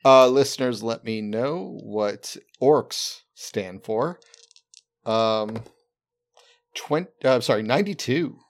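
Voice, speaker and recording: A man playing a goblin in a tabletop game, ranting and swearing in an animated, joking way. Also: medium pitch, takes it slowly. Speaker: player. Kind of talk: casual tabletop play as a goblin.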